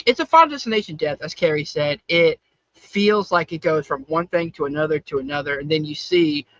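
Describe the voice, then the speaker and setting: A high-voiced man with a bright, forceful tone, hosting a film podcast and gushing enthusiastically. The recording is dry and slightly dull, with a lo-fi edge. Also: fairly quick, no echo. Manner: enthusiastic, upbeat. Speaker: podcast host presenting award categories. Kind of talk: casual film discussion.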